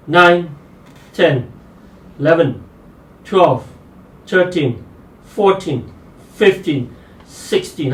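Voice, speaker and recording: A man's voice: fairly high pitch, echoey room. A man hosting a live golf fitness show, talking energetically and motivating viewers through exercises. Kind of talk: live-streamed workout and golf tips.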